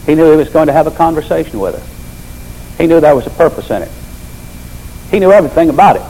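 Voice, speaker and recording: A man's voice: a little high, expressive, quick pace, mellow, slight background noise, rough recording. An older man preaching a sermon, telling folksy stories with emphatic repetition.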